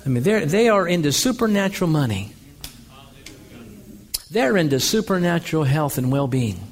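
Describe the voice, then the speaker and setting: A male pastor preaching an energetic sermon, telling stories and calling for amens. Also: fairly high pitch, normal speed. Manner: energetic, calls for amens, storytelling.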